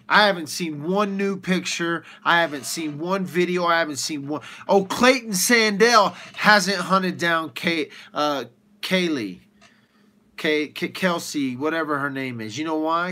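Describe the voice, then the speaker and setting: A man hosting a livestream, ranting with rhetorical questions in an animated way. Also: on the high side. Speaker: livestream host.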